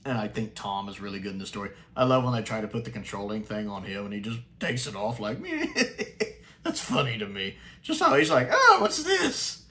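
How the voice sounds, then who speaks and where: Chatty low-voiced male reviewer. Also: fast, few pauses, a little hiss or hum. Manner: enthusiastic, chatty, with fillers and restarts. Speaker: sci-fi reviewer. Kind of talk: casual review commentary.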